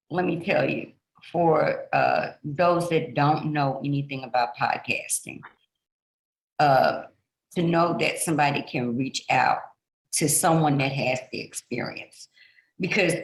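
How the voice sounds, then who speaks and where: A woman's voice: deep voice, takes it slowly, vocal fry, reverberant, rough recording. A woman hosting a podcast as a pastor, speaking in an earnest, chatty way and poking fun at herself in a casual interview.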